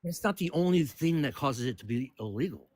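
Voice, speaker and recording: A man's voice: fairly high pitch, lively intonation, fairly quick, a loud crowd. A man calling into an online debate, combative and interrupting, often stumbling over restarts. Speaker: call-in debate guest.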